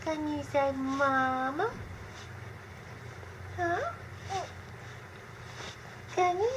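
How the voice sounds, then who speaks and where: A woman talks to her infant in a high, sing-song baby voice, stretching words out slowly. The home video is noisy, with a steady hiss behind her. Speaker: mother.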